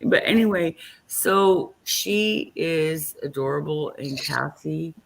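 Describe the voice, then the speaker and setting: A woman's voice: low-pitched, slow pace, vocal fry. A middle-aged woman, tipsy and tired, telling rambling family stories in a casual late-night chat. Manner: rambling storyteller, chatty and warm with the family. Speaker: guest on a live stream.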